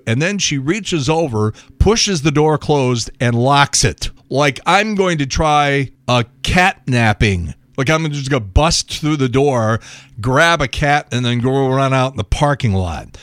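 A middle-aged man telling a long story in a monologue, indignant and animated, acting out both sides of an argument. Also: mid-range voice, unhurried, no room sound. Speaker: podcast host.

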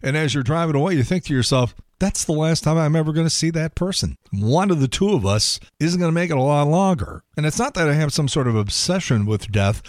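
A man's voice: fairly high pitch, expressive, brisk, hardly any pauses, dry recording, clean studio sound. A middle-aged man hosting a podcast, giving a blunt, opinionated movie review in a grumbling, rambling monologue with some swearing. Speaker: podcast host.

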